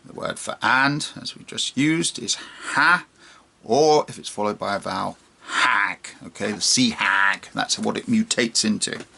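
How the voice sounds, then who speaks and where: A man's voice: lowish voice, measured pace, vocal fry, sharp tone. A man teaching a casual online language lesson, repeating words and checking in with "okay?" after each one. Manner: chatty and informal, with many fillers.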